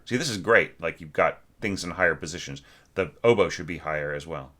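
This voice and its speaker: A man's voice: low voice, a little fast, bright, forceful tone. A man giving a loose, rambling spoken critique of a student's orchestration, full of fillers and sung musical figures. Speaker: orchestration teacher.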